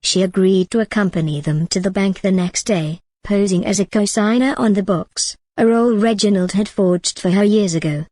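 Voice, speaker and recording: A woman storyteller giving a scripted narration of a dramatic story in an even, unhurried way. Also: mid-range voice, dry recording.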